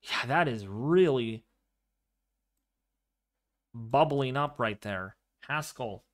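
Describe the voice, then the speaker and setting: A man hosting a live severe weather stream, commenting excitedly on radar and storms and repeating his phrases. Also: medium pitch, takes it slowly. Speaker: livestream weather host.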